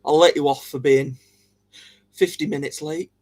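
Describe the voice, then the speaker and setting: A man's voice: fairly high pitch, fairly even intonation, normal speed, a little mellow. A man hosting a livestream, chatting casually with viewers in a jokey, giggly way. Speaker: livestream host.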